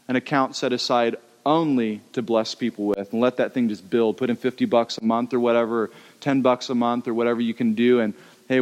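A male pastor preaching a sermon in an animated, conversational way, acting out the stories he tells. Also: medium pitch, in a large hall.

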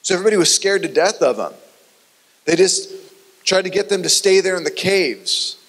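Man preaching in an echoing hall. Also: normal speed. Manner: dramatic storytelling, often dropping low and quiet. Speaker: pastor. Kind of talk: sermon. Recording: long reverb of a large hall.

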